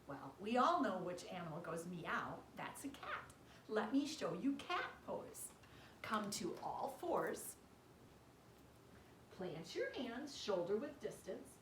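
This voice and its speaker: Slow, animated woman yoga teacher for kids. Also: medium pitch. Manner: slow, gentle, animated, makes animal sounds. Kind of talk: children's yoga class with a read-aloud story. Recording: roomy echo, distant mic, faint background noise.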